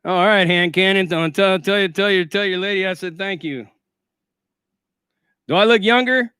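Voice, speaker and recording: A man's voice: high voice, moderate pace, sharp tone, clean tone, dry recording, studio quality. A man hosting a casual livestream, profane, sarcastic and boastful, still winded after a workout. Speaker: livestream host.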